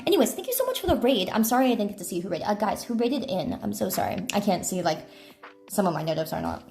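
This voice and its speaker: A woman's voice: mid-range voice, big pitch swings, quick pace, creaky, a little mellow, soft background music. A young American woman from California chatting casually on a phone livestream while tasting snacks, with offhand swearing. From California, USA. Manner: chatty, talks to chat between bites, swears casually.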